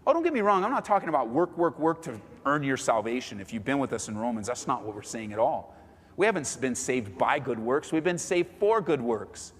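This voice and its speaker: Animated male pastor preaching in a reverberant hall. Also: on the high side. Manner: animated, acts out quoted voices. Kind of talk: sermon. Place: church sanctuary.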